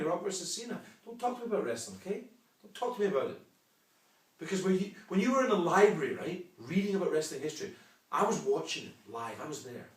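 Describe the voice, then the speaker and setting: Combative Scottish man with a lively voice. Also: on the high side, far from the mic. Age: 40s. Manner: combative, mocking, boastful. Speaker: wrestling promoter. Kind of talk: wrestling promo rant. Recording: echoey room, off-mic.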